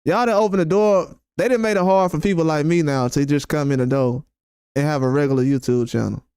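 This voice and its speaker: A man's voice: on the high side, steady tone, fairly quick, darkish tone, clear, resonant tone, no room sound, clean studio sound. A man hosting a boxing channel, ranting on a live stream in a blunt, profane and repetitive way. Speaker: boxing YouTuber host. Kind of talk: heated live-stream rant.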